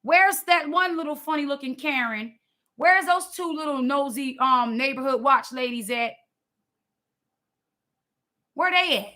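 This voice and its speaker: Woman, impassioned commentator, high and bright, emphatic and preachy delivery. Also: unhurried, pauses often. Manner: emphatic, preachy, repeats words.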